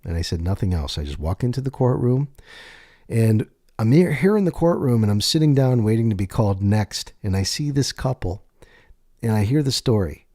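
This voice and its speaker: Give me a man with a low, warm voice telling a blunt personal story. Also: animated, no room sound, studio quality. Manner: candid and profane, with slow emphatic stretches. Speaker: narrator of his own life story.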